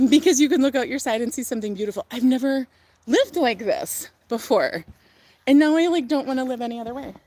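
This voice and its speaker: Woman, young, fairly high voice, gushing, chatty, outdoors, phone livestream. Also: darkish tone. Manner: gushing, chatty, trails off with fillers and laughs. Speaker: livestream host. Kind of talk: casual livestream tour. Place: outdoors on a farm property.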